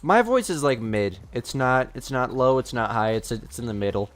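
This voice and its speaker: Animated, chatty male game streamer. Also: mid-range voice, normal speed, faint music behind. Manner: chatty, talks to his dog between shots. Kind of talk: casual live-stream commentary.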